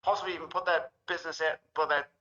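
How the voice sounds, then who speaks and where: Aussie bloke co-hosting, sharp voice, swears a lot, kinda muffled audio. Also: male voice, fairly high pitch, fairly even intonation, quick pace. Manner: blunt, profane, exasperated. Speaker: co-host. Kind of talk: casual commentary chat. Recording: dull lo-fi sound.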